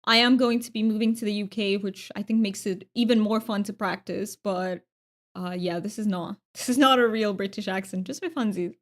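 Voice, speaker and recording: A woman's voice: medium pitch, steady tone, moderate pace. A woman chatting casually while streaming a game, laughing often and repeating her words as she goes. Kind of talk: casual live-stream chat.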